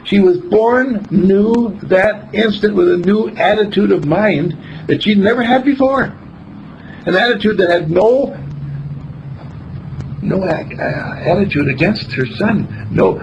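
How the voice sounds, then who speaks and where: A man giving a motivational talk, telling a story in an animated way and acting out the scenes. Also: high voice, a little slow, vocal fry. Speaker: speaker. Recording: dull lo-fi recording, faint hiss.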